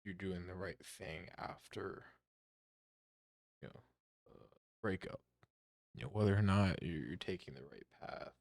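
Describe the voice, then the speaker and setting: Low gravelly-voiced young man rambling. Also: dry recording, studio quality. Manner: rambling, hesitant, swears often, many restarts. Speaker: music reaction YouTuber. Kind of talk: casual reaction commentary.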